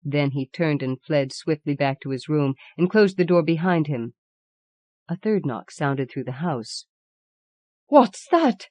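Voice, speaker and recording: A woman narrates an audiobook in a measured, even manner. Her voice sits low, and the recording is dry and close. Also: no echo. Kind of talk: scripted narration.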